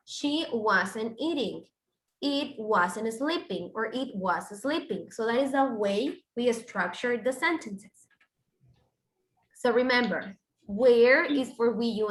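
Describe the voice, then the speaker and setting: Bright-voiced woman teaching English grammar. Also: on the high side, roomy sound, low-quality recording. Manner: explains step by step with examples. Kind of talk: online grammar lesson.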